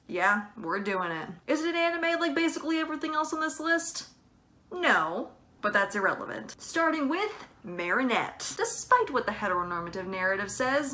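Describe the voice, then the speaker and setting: A woman's voice: medium pitch, pushed and bright. A young woman giving playful, sassy commentary in a casual vlog, with sudden emphatic outbursts. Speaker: video creator.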